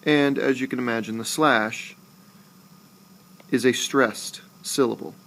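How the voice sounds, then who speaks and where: A man teaching a recorded lesson, talking slowly and deliberately and saying example words aloud more than once. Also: mid-range voice, fairly even intonation, a bit bright. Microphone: screencast voice-over.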